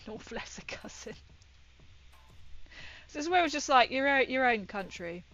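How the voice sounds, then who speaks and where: A woman's voice: sits high, expressive, moderate pace, a bit bright, lo-fi sound. A woman chatting casually as she paints miniatures, rambling and swearing now and then. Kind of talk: casual chat while painting.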